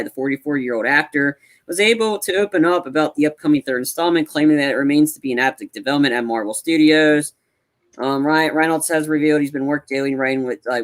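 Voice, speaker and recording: A man co-hosting a casual movie podcast, rambling and excitable, with many restarts. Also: a little high. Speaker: podcast co-host.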